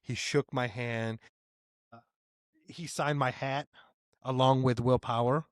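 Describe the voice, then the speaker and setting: Man, podcast co-host, casual, eager storyteller who gets excited and louder, dry close mic. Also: medium pitch, takes it slowly, clean tone, dry recording. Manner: excitable storytelling, voice rises when animated. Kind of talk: casual chat.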